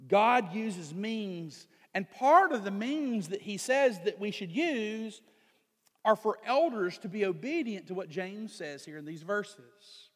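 Fairly high-voiced pastor in a reverberant hall. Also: male voice, expressive. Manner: earnest preaching, slows down for emphasis, swells louder on key points. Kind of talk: sermon with scripture reading.

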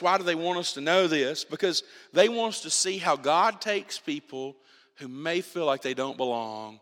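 A man preaching a sermon as pastor, emphatic and repeating himself as he builds his points. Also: a little high. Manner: animated, emphatic preaching with repetitions and restarts. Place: church sanctuary. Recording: reverberant church hall.

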